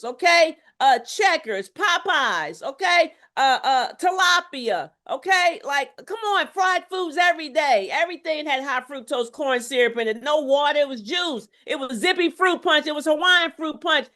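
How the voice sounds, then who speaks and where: High-voiced, emphatic woman coach. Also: expressive, normal speed, few pauses, bright, forceful tone. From Houston, Texas. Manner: emphatic, preacherly, repeats phrases and calls on the audience. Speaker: health coach. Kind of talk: live health challenge talk to viewers.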